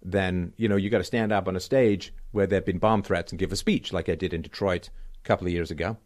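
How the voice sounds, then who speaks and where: A middle-aged man hosting his own show, delivering a sarcastic, emphatic solo commentary that swings between loud and quiet. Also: sits low, fairly even intonation, fast. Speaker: show host. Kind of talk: solo political commentary rant.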